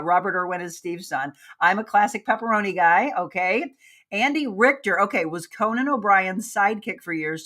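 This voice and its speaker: A woman's voice: on the low side, a bit bright. A woman hosting a live show, chatting casually and upbeat while reading viewer comments aloud and talking straight to her audience. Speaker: livestream host.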